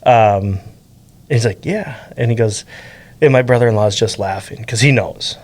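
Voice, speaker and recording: A man hosting a community podcast, telling stories in an animated way and laughing as he talks. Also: fairly low pitch, normal speed. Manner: animated storyteller, laughs while talking. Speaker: podcast host. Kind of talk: casual podcast interview.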